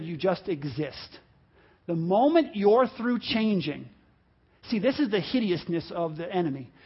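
A man in his fifties preaching a sermon to a church congregation, impassioned and swinging from hushed lines to shouting. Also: high voice, slightly rough. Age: 50s. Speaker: pastor. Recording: dull lo-fi sermon recording.

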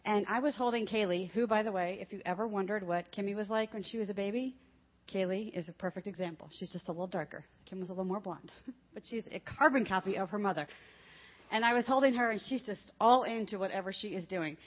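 A woman's voice: medium pitch, quick pace, muffled recording. Chatty older woman telling a family story. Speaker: guest speaker. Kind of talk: sermon testimony. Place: church stage. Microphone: handheld microphone.

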